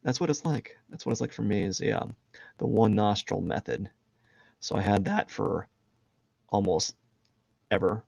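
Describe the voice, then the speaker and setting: A man's voice: lowish voice, lively intonation, moderate pace, vocal fry, pauses often, a little mellow, no room sound. A man chatting casually on a live drawing stream, rambling and jokey, laughing at himself. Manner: rambling, jokey, self-deprecating, laughs a lot. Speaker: streaming artist. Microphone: headphones and desk mic.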